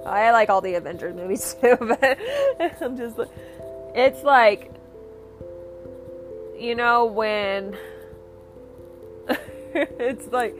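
A woman's voice: on the high side, takes it slowly, long pauses, soft background music. A young woman hosting her own podcast, rambling and swearing through a casual, enthusiastic rant. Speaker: podcast host.

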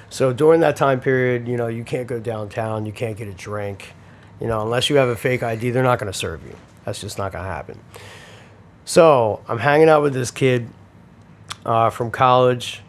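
Man, early 40s, casual profane storyteller, mid-pitched voice. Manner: storytelling, swears freely, laughs often.

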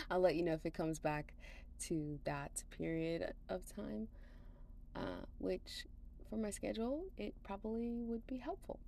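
Slow, rambling tired woman podcaster. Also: lowish voice. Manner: rambling with many fillers and laughs. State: a little tired. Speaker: podcast host. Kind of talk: casual rambling chat. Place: at home.

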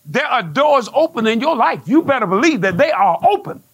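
High, gravelly preaching man. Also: sing-song, fairly quick, muffled recording. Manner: call-and-response preaching, rising to shouts, frequent amens. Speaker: pastor. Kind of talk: sermon.

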